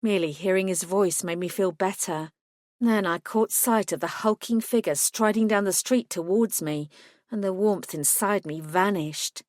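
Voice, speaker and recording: A woman's voice: mid-range voice, moderate pace, darkish tone, no room sound, clean studio sound. A woman reading a first-person audiobook in a scripted narration style, voicing each character with small shifts.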